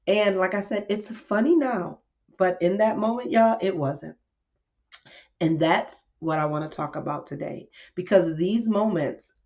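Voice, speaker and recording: A woman's voice: low voice, highs cut off. A woman hosting a diary-style podcast, telling a personal story candidly and acting out what she and others said. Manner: candid, expressive storytelling with acted-out quotes. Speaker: podcast host.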